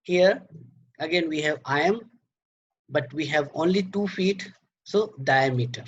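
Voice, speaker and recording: Man, lecturer, unhurried delivery, halting, repeats words, academic explanation. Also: on the high side, expressive, husky, highs cut off. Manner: slow, halting, many repeated words and fillers.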